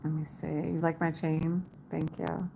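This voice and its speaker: A chatty woman hosts a livestream from her home, reading her viewers' comments aloud and answering them by name. Her voice sits low and carries a gravelly fry, and she laughs often as she talks. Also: level tone, a little slow, mellow, slight background noise. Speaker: livestream host. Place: home in Las Vegas.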